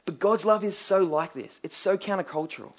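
A man's voice: high voice, brisk. A man preaching a sermon, earnest and emphatic, telling stories and asking rhetorical questions.

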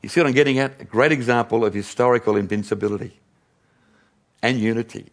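A man's voice: medium pitch, quick pace. Older male pastor, self-mocking sermon storyteller, mid-range voice. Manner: chatty, self-mocking, laughs with congregation.

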